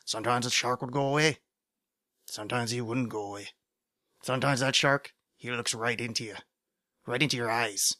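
A man doing an impression of a grizzled old sea captain who hunts sharks, telling a slow, brooding tale. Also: medium pitch, fairly even intonation, bright, forceful tone, no echo, studio quality, natural voice. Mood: brooding menace.

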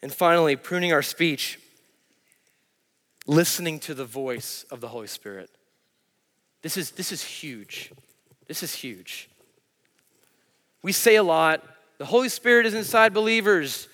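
A man's voice: on the high side, lively intonation, measured pace, long pauses, fairly bright tone. A man preaching a sermon as pastor, telling a self-deprecating story from his own life. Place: church. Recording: church hall reverb.

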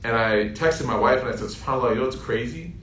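A man in his thirties preaches with heartfelt storytelling, building his points to emphatic peaks. His voice sits at a middle pitch and rings in a roomy echo, with faint background noise. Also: fast talker, a bit bright. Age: 30s. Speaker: Islamic preacher. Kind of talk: sermon.

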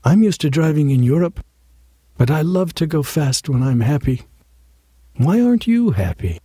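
A man's voice: on the high side, sing-song, normal speed, mellow, breathy edge, dry recording, clean studio sound. A man voicing a sly woman con artist who talks in a breezy, coaxing way while reading a novel aloud.

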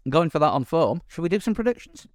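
A man hosting a casual podcast chat, talking in a halting way with many ums and restarts. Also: a little high, big pitch swings. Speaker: podcast host.

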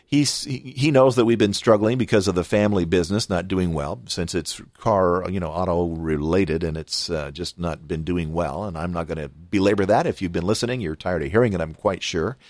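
A man's voice: low voice, a little fast, few pauses, a little mellow, no echo, studio quality. A middle-aged man with a Southern California accent hosting a podcast, chatting casually in a rambling, folksy way with plenty of restarts. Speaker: podcast host. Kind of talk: casual personal chat with ad reads.

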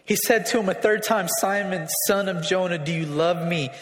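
A man preaching a sermon as pastor, emotional and rising to shouts. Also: high voice, normal speed. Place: church hall. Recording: echoey hall.

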